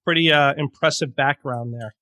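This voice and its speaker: A man's voice: mid-range voice, moderate pace, sharp tone, dry recording, studio quality. A man hosting a podcast interview, encouraging his guests and guiding the questions. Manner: encouraging, brief affirmations. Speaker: podcast host.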